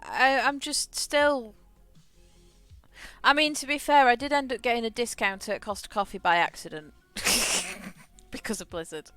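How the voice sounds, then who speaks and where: Woman streamer, chatty rambler, clear smooth voice, faint game music underneath. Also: a little high, a little slow, pauses often, a bit bright. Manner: rambling storyteller, frequent restarts and repeated words. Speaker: livestreamer. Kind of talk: casual chat while playing a game.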